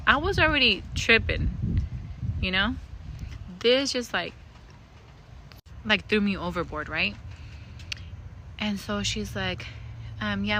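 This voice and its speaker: A woman's voice: mid-range voice, pushed and bright, a little hiss or hum, low-quality recording. A young woman telling a personal ghost story in a casual, rambling way, swearing often and using lots of fillers. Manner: rambling, profane, full of fillers.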